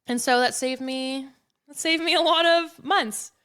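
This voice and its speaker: Heartfelt woman host, somewhat high voice. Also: measured pace, fairly bright tone. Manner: heartfelt, reflective. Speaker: podcast host. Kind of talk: casual conversation.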